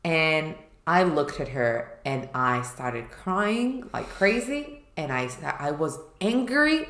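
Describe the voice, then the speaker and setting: A woman's voice: low voice, big pitch swings, slow pace, hardly any pauses, fairly bright tone. A woman co-hosting a chat show, telling a personal story candidly and acting out her past self. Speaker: podcast co-host. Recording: echoey room.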